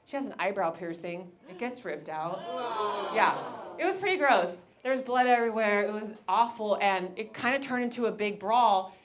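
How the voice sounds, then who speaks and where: A woman in her thirties performing a stand-up comedy set, telling a story with lively acted-out voices. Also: medium pitch, normal speed. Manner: animated storytelling, acts out characters.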